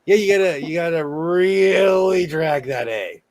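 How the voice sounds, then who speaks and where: A man in a casual group chat, joking and quick to laugh. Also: fairly high pitch.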